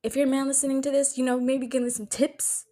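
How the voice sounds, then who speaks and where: A woman's voice: sits high, little pitch movement, fast talker, warm tone. A woman in her twenties hosting a casual solo podcast, chatting emphatically, swearing freely and filling her talk with "like" and "bro". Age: 20s. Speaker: podcast host.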